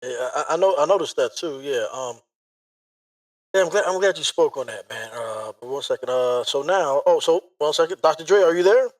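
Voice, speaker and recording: A man's voice: on the high side, animated, fairly quick. A man hosting a podcast interview, talking hesitantly with many fillers. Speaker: podcast host.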